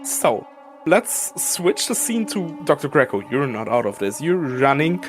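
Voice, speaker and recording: A man's voice: a little high, very animated, unhurried, music in the background. A man narrating a horror tabletop game as game master, casual and full of fillers, relishing gory detail. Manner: casual, filler-heavy, gleeful gore description.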